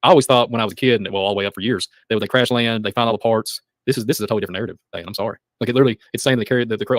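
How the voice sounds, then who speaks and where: A man co-hosting a casual religious podcast, talking quickly and excitedly, with sarcastic asides and muttered trail-offs. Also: fairly low pitch, no echo. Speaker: podcast co-host.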